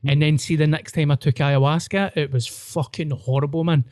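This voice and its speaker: A Scottish man with a slightly raised voice tells crude stories in a loose, animated way, often breaking into laughter. He is recorded on a close podcast mic in a dry, dead room. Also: a little high, fairly quick, dry recording. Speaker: podcast host. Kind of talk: casual chat.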